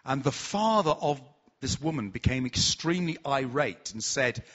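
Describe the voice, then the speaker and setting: Animated husky preacher telling stories. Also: male voice, mid-range voice, moderate pace, dull audio. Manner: storytelling, animated, asks the audience questions. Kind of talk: sermon. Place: church.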